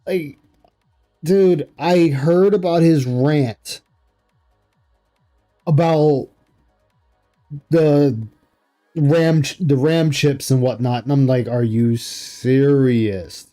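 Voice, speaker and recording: Man, casual stream commentary, slightly high voice, mellow tone, rambling, incredulous. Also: extremely slow, pauses often, soft background music. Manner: rambling, incredulous, laughs often. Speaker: livestream host reacting to an interview. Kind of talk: casual commentary reading chat.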